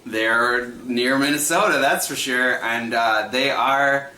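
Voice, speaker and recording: A man's voice: mid-range voice, slow, sharp tone, reverberant. A man in his thirties hosting a livestream trivia night, chatty, laughing often and repeating each question.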